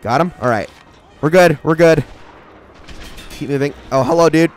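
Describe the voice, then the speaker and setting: A young man giving casual, excitable commentary while playing a shooter game, talking to himself and the enemies. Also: a little high, normal speed. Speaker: gaming channel host.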